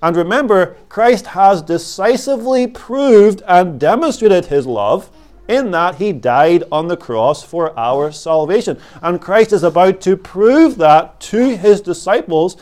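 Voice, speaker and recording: Man, preacher, expository sermon, slow deliberate delivery, slightly high voice, repeats key words. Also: animated, darkish tone.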